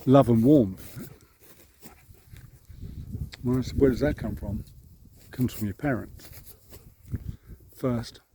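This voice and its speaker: A man's voice: medium pitch, slow pace, pauses often, mellow, slight background noise. An Englishman telling a rambling, self-deprecating story from his childhood, chuckling at himself as he goes. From England. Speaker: vlog host. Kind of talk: casual storytelling. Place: outdoors, walking a dog.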